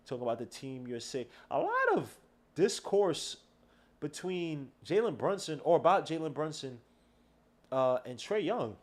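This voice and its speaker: A man's voice: mid-range voice, a little mellow. A man hosting a casual game watch-along podcast, talking loosely with slang and trash talk. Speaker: podcast host.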